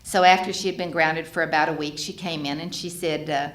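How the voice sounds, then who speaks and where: Speaking fairly quickly with a steady, fairly bright tone, this low-voiced middle-aged woman shares her recovery at a fellowship gathering. She dramatizes the voices of other people with strong emotion. The hall echoes, and faint background noise is audible.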